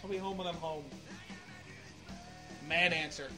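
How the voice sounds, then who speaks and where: High-voiced man swearing through podcast banter. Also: steady tone, unhurried, loud music behind the voice. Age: adult, married. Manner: profane, laughing, loose banter. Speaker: podcast co-host. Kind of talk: casual podcast chat.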